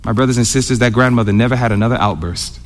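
A male preacher delivering a sermon, stretching out phrases and drawing answers from the congregation. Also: mid-range voice. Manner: call-and-response, asking the congregation to answer; drawn-out emphatic delivery with big swings. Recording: reverberant hall.

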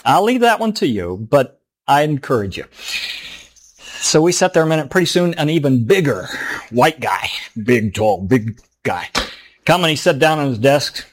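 Earnest middle-aged pastor telling a story. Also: male voice, medium pitch, very animated, unhurried. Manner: earnest, emotional retelling. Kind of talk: sermon storytelling.

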